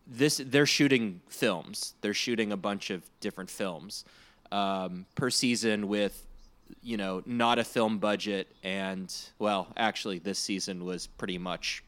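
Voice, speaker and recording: Smooth-voiced man musing in casual chat. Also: fairly low pitch, a bit bright. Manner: earnest, repeats himself, many fillers.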